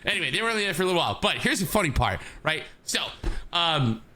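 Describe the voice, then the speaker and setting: A man co-hosting a podcast, telling a long story in an animated way and acting out other people's lines. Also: on the high side, fast talker. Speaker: podcast co-host.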